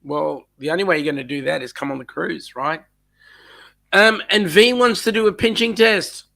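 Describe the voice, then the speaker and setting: A man's voice: normal speed, sharp tone. A man with an Australian accent co-hosting a casual live-stream chat, congested from a cold, joking and reading out viewer comments. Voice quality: husky, low "sexy" voice from a cold. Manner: joking, teasing, reads viewer chat aloud. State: congested, blocked nose.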